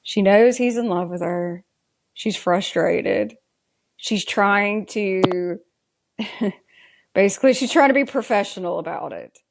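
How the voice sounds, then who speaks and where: A woman's voice: medium pitch, gravelly. A woman co-hosting a podcast, chatting casually through an episode recap and reading scene lines aloud. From Southern US. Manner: unhurried, reads scene dialogue aloud. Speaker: podcast co-host.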